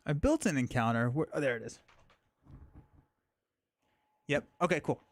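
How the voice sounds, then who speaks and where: A man's voice: mid-range voice, no echo. Casual man thinking aloud, dry sound. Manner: thinks aloud, halting with fillers and restarts. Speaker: live stream host. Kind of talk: casual live-stream chat.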